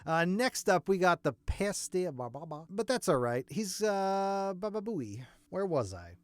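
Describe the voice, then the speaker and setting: Hoarse, lively man reviewing toys. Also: high-pitched, measured pace. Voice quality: enthusiastic, jokey, talks to the viewer. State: hoarse, strained throat. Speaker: toy collector vlogger. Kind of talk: casual toy review.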